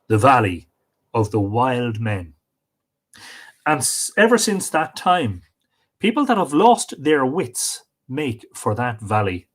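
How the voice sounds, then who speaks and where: A man reading an old legend on a live stream, expressive and stopping for joking asides to his audience. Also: mid-range voice. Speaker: storyteller and stream host.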